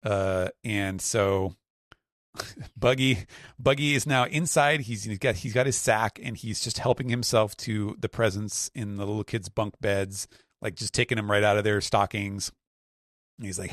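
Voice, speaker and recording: A man's voice: lowish voice, a little slow, a bit bright, no room sound, clean studio sound. A man on a podcast panel, chatting casually and describing things in a rambling way, with lots of fillers. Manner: rambling, filler-heavy description with acted quotes. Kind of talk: casual chat.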